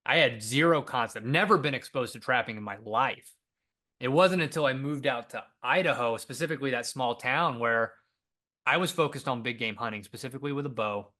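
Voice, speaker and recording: A man's voice: mid-range voice, brisk. A young adult man, a podcast guest and author, telling a story in a conversational way and acting out the dialogue he quotes. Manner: animated, acts out quoted dialogue.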